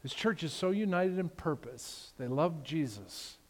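Pastor, male, conversational preacher who voices his characters, slightly high voice, big reverberant room. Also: lively intonation, a little slow. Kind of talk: sermon. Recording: long reverb of a large hall.

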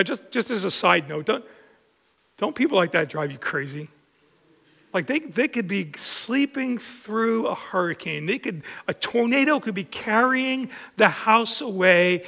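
A pastor giving a sermon in an animated, conversational way, building to emphatic peaks and then dropping low and slow. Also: male voice, vocal fry. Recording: long reverb of a large hall.

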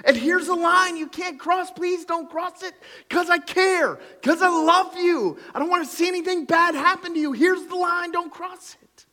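A man voicing God as a loving father pleading with his people, half shouted and strained high. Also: normal speed. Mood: pleading, tender. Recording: long hall reverb.

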